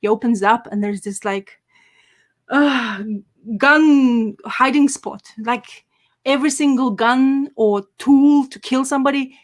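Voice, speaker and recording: A woman's voice: high-pitched, slow. A woman chatting casually as a podcast co-host, rambling with enthusiasm and many fillers and restarts. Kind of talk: casual chat.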